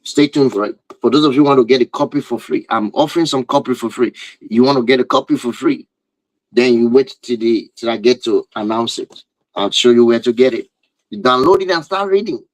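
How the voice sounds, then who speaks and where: Speaking fairly quickly in a medium-pitched voice, a relationship teacher addresses his viewers in a lecture that's emphatic and repetitive, full of rhetorical questions. The audio is low quality, though free of echo.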